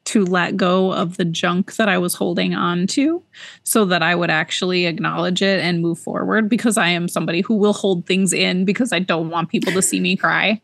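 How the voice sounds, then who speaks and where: A woman co-hosting a podcast, telling a personal story in a casual, animated way and repeating words for emphasis. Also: fairly low pitch, moderate pace, vocal fry, dry recording. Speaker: podcast co-host.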